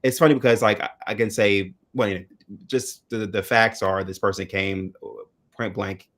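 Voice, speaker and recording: A man with a fairly low voice co-hosting a relaxed news chat. He recounts stories in a halting, chatty way, often pausing and restarting his sentences. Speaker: co-host.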